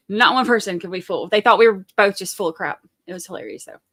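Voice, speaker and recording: A woman's voice: mid-range voice, expressive, a little fast, a bit bright. Southern woman host, chatty storyteller, casual commentary. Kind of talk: casual chat.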